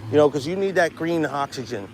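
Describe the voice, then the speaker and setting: A man's voice: on the high side, animated, brisk, a little hiss or hum. Brash, profane man with a New York accent. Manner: brash, profane, rambling street talk. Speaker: vlogger doing a live stream. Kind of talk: casual live-stream chat outdoors. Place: outdoors by a pond near traffic.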